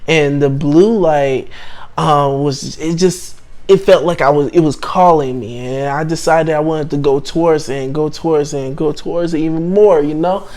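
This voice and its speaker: Young man, casual storytime testimony, slightly higher voice, halting delivery with lots of restarts. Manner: hesitant, full of restarts and "like"; shifts between hushed and excited tellings. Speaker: channel host telling his testimony.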